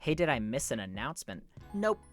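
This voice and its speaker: Woman streamer, low voice with a lot of swing, playful and jokey, casual stream banter, faint music underneath. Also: big pitch swings, a little fast.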